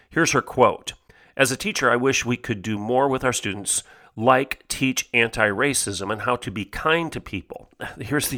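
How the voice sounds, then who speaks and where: A man's voice: mid-range voice, sharp tone. A middle-aged man hosting an opinion podcast, reading from an article and commenting in an emphatic, scolding manner. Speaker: podcast host.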